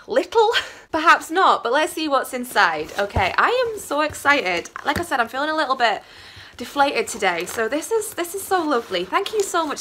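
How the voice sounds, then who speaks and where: A woman's voice: on the high side, bright, forceful tone. A young woman, chatting casually in a book vlog, effusive and rambling. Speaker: booktuber.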